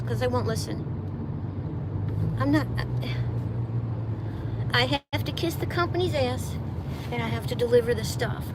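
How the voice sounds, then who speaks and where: An older woman talks from the driver's seat in a fairly high voice. She rants angrily and swears freely. The steady hum of the car and the road sits clearly behind her. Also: normal speed, long pauses. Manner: angry, profane ranting. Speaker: delivery gig driver. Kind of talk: venting vlog monologue. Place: inside a car.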